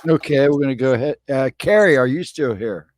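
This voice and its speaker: A man's voice: medium pitch, expressive, a little fast, darkish tone, slight background noise. A man co-hosting a live card-reading stream, casually managing who gets read next. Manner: easygoing, organizes the queue. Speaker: stream co-host. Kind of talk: casual chat.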